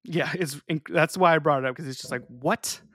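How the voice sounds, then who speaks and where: A man's voice: on the high side, fast, no echo, clean studio sound. Laughing, upbeat young man. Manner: laughs often, animated storytelling. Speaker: podcast co-host. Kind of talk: casual chat.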